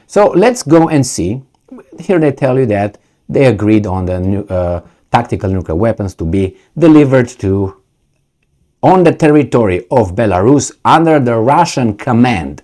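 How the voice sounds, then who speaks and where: A man's voice: medium pitch, very animated, normal speed, mellow. A man giving solo video commentary, sarcastic and mocking, firing off rhetorical questions. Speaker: political commentator.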